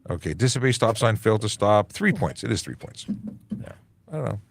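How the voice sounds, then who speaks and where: Gravelly low-voiced police host. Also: male voice, sing-song, a little fast. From Canada. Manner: chatty, jokey, reads chat aloud with many fillers. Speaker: police constable and livestream host. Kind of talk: casual livestream Q&A.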